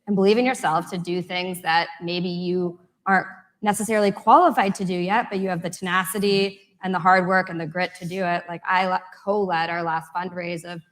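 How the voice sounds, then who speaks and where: A woman's voice: on the low side, fairly even intonation, a little fast, few pauses, fairly bright tone. A woman speaking as a panelist in a live discussion, earnest, with many fillers. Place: event hall with audience.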